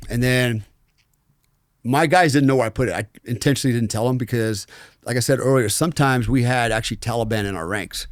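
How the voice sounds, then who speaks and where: Frank American ex-soldier telling war stories. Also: male voice, medium pitch, no room sound, clean studio sound. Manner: frank, rambling, many fillers and restarts. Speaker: former special forces soldier, podcast guest. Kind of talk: storytelling in a conversational interview.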